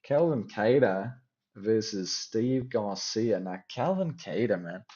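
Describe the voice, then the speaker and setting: Man, fight-picks host, casual, jokey, rambling, low voice, muffled lo-fi sound. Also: animated, slow, mellow. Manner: jokey, rambling, teasing asides. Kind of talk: casual fight-prediction chat.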